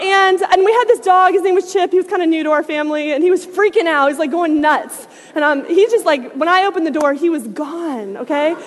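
A young adult woman telling a lively personal story, laughing often and swinging between loud bursts and hushed asides. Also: high voice, long reverb tail.

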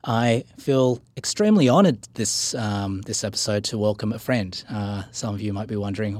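A man's voice: lowish voice, moderate pace, hardly any pauses, a little mellow, no room sound. A man with an Australian accent, a professor hosting a conversational podcast interview.

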